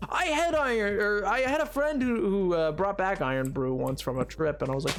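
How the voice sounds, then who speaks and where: A man's voice: sits high, expressive, a little fast, hardly any pauses, faint music behind. A man live-streaming a game, chatting casually and playfully with his viewers, rambling and pleading in mock protest as he reacts to chat. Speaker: livestreamer. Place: home streaming setup. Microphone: desk microphone.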